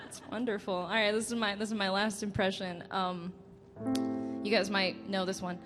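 A woman in her late twenties doing a stand-up set on a club stage, halting and laughing at her own jokes. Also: medium pitch, steady tone. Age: late 20s. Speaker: stand-up comedian. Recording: reverberant club room with faint music.

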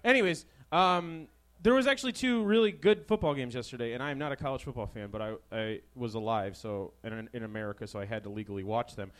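A man's voice: medium pitch, fast. A young man hosting a live comedy talk show, riffing through a crude, sarcastic stand-up monologue on a stage microphone. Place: small live comedy venue. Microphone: handheld stage microphone.

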